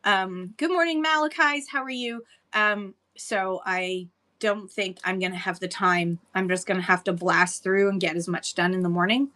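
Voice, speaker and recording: A woman's voice: medium pitch, fairly even intonation, normal speed, pushed and bright. A woman hosting a casual livestream chat, chatty and laughing often as she greets viewers by name. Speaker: livestream seller host.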